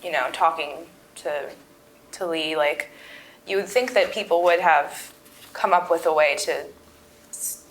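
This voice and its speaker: A woman's voice: low voice, unhurried, long pauses, slight background noise, low-quality recording. A woman in a seminar discussion, speaking tentatively about a poem. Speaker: seminar participant.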